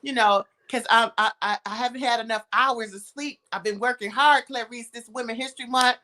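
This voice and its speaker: A woman guest on a podcast, talking enthusiastically and excitably while running short on sleep. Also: a little high, brisk, a little hiss or hum. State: sleep-deprived. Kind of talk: casual livestream chat.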